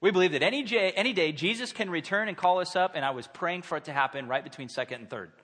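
Brief: male pastor, 30s, bright lively preaching voice, a bit husky, long church reverb. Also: high voice, fast talker. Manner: animated, conversational preaching with acted-out quotes. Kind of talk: sermon. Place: church sanctuary.

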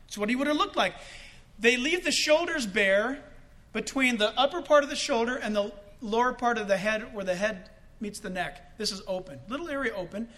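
A man preaching a sermon in an animated way, breaking into shouts for emphasis and joking as he goes. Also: very high voice, fairly quick. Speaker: pastor.

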